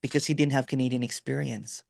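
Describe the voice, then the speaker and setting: A man's voice: medium pitch, fairly even intonation, quick pace, vocal fry, darkish tone, dry recording, studio quality. A middle-aged man from the Philippines with a Filipino accent, rambling through a story in casual video-call chat with lots of fillers and "right?". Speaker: host.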